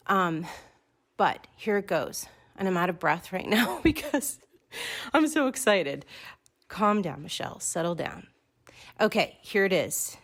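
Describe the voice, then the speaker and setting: Excitable chatty woman podcast host. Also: on the low side. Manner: chatty, excitable, self-deprecating. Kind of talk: casual solo podcast talk.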